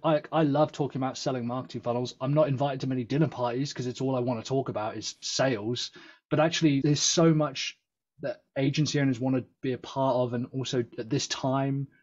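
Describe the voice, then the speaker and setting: A man's voice: medium pitch, fairly even intonation, fairly quick, darkish tone, dull audio. An English man, a podcast guest, chatting casually and joking over a video call. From England. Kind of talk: casual interview chat.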